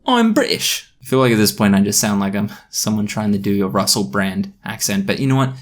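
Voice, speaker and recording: A man's voice: fairly low pitch, steady tone, fast, a little hiss or hum. Wry man reading with asides. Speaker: YouTuber reading stories. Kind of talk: dramatic reading with comedic commentary.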